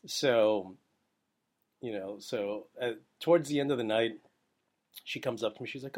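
A man hosting a podcast about photography, talking in a casual, animated, rambling way and slipping into quick voices of other people. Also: medium pitch.

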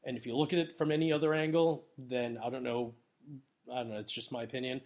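A man's voice: medium pitch, level tone, fast, a little mellow. A man, a wedding photographer, talking casually to his listeners in a loose, upbeat way, with many "you know"s and "um"s. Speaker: wedding photographer giving business advice. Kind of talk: casual solo podcast talk.

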